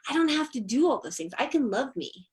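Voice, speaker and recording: A woman's voice: high voice, very animated, brisk, rough recording. A middle-aged woman hosting a masterclass discussion, blunt, emphatic and freely profane. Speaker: masterclass host. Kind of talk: casual group discussion.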